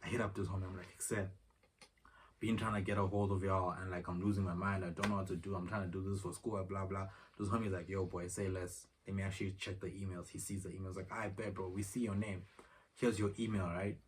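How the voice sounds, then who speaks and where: Young man, very low voice, slangy rambling vlog story, phone mic set back from him, faint background noise. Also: little pitch movement, quick pace, far from the mic. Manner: rambling, slangy, retells exchanges in dialogue. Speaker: vlogger. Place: room at home. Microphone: phone camera.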